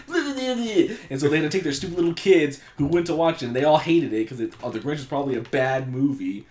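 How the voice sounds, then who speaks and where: Giggly, lively man gaming in an echoey room. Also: mid-range voice, brisk, few pauses. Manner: giggly, ranting, animated. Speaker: let's play gamer. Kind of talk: casual gaming chat.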